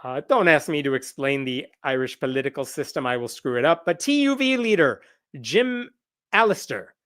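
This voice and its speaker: A man's voice: mid-range voice, animated, moderate pace, a bit bright, clear, resonant tone. An American man hosting a casual livestream news roundup, chatty and sarcastic. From United States. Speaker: host.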